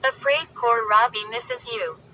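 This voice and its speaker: A squeaky, taunting wooden dummy , put on by a woman reading aloud. It sounds bright and sharp and speaks slowly. Its lines are rude and mocking. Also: fairly even intonation, slight background noise, rough recording. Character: creepy wooden ventriloquist dummy boy, rude. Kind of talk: audiobook reading.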